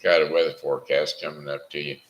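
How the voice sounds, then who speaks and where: A man hosting a casual live home broadcast from Missouri, rambling and chatty, tired, giving shout-outs and singing. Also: extremely low pitch, level tone, quick pace, highs cut off. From St. Charles, Missouri. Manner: rambling, chatty, sings a birthday song.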